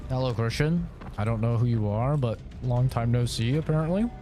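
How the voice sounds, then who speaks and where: A man's voice: mid-range voice, fairly quick, mellow, faint music behind. A man streaming a game, chatting casually with his viewers and reacting loosely as he plays. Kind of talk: casual live-stream chat while gaming.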